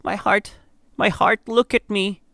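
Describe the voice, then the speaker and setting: A man doing a hoarse, desperate young mother. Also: high voice, level tone, unhurried, bright, forceful tone, dry recording, studio quality, pitched above the performer's own voice, exaggerated voice. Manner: pleading, breaking. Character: worn-out young enslaved mother, a desperate wet nurse.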